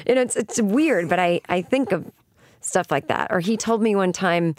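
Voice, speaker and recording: A woman comedian from Boston, telling stories in an interview with lively comic timing and acted-out quotes. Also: normal speed, no room sound, clean studio sound. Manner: animated, comic, acts out quotes in high voices. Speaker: comedian guest. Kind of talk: storytelling interview.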